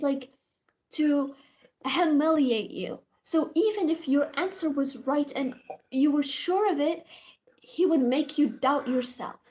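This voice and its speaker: High-voiced young woman, storytime vlogger, dramatic and casually profane. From Morocco. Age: young adult. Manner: dramatic, animated, swears casually. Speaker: university student, vlogger.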